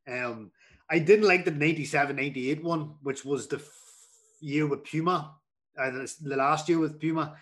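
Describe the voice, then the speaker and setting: A man's voice: mid-range voice, sharp tone. A man co-hosting a casual podcast, talking in an easygoing way with a few fillers. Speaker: podcast co-host.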